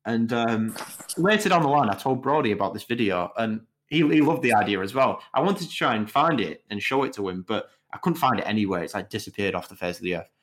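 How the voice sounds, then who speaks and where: A young man co-hosting a casual podcast, his voice bouncing up and down in pitch. He rambles and hesitates, padding his story with filler as he goes. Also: lively intonation, quick pace, fairly bright tone, a little hiss or hum. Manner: rambling, hesitant, many "you know"s. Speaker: podcast co-host. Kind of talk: casual chat.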